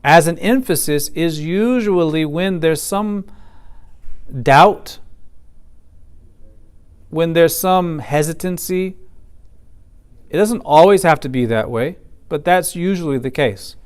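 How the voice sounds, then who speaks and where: A man giving a class lecture in a somewhat high, smooth and clear voice. He explains methodically, leans on key points and recites Arabic phrases along the way. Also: slow, pauses often. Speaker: teacher of a Quran commentary class.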